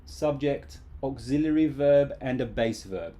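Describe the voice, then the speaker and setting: A man's voice: mid-range voice, unhurried. Playful man teaching a live English class. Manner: casual, playful, lively. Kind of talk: live online grammar lesson.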